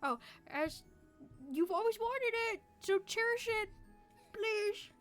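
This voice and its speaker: Granny role: a kindly frail old woman, high and quavery, fussing and doting, put on by a woman streamer. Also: expressive, slow, faint music behind, exaggerated voice.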